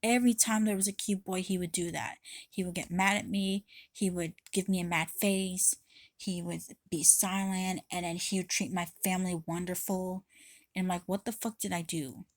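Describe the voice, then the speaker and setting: A woman's voice: fairly low pitch, level tone, moderate pace, no echo, studio quality. A woman vlogger ranting to camera in a rambling way, swearing often and restarting her sentences. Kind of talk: casual rant to camera.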